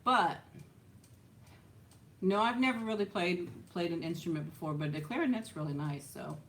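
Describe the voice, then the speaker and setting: A woman's voice: fairly low pitch, lively intonation, normal speed, a little hiss or hum. A woman hosting a casual livestream, chatting and answering viewer comments, laughing often and trailing off with "so". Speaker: livestream host. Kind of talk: casual live chat reading viewer comments.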